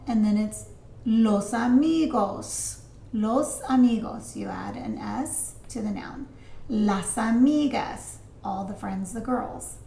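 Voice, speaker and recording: A woman teaching a recorded lesson, chatty and full of asides, slowing down to pronounce each vocabulary word. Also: on the high side, creaky, darkish tone, reverberant. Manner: chatty, explains with asides and fillers; slows down to pronounce vocabulary words. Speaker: Spanish teacher.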